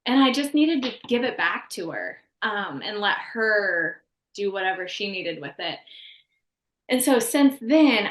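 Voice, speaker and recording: Woman in her thirties, heartfelt personal storytelling, middle pitch, echoey room. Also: a bit bright. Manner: earnest, heartfelt, rambling with many restarts. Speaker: podcast guest.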